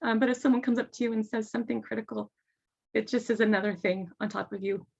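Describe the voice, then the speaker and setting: A woman's voice: a little high, fairly even intonation, quick pace, vocal fry, a little mellow, husky. A middle-aged mother talking earnestly as a podcast guest, often laughing. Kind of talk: casual interview talk. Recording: dull lo-fi sound.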